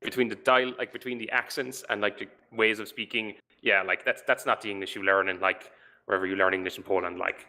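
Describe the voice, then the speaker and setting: A man's voice: on the low side, steady tone, brisk, pushed and bright. A man, chatting casually on a podcast and telling rambling anecdotes. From Ireland. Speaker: podcast co-host. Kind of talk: casual chat.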